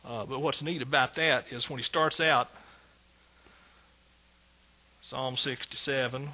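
Bright, husky-voiced man preaching a sermon. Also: medium pitch, fairly even intonation, normal speed, low-quality recording. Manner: emphatic preaching with sudden loud bursts and asides.

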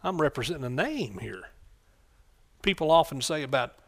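A middle-aged man preaching a fervent sermon, calling out for amens and swinging between soft asides and loud bursts. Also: a little high, sing-song, normal speed.

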